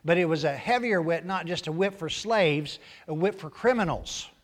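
A man preaching a sermon in a church, acting out quotes loudly and then dropping to quiet asides. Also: fairly high pitch, normal speed. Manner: animated, acts out quotes loudly, then drops to a hushed aside. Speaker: pastor.

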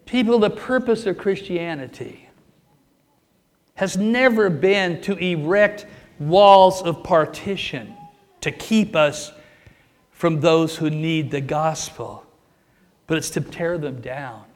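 High-voiced preaching man. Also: slow pace, long pauses. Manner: emphatic, rising and falling for emphasis, acts out a joke with raised pitch. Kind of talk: sermon.

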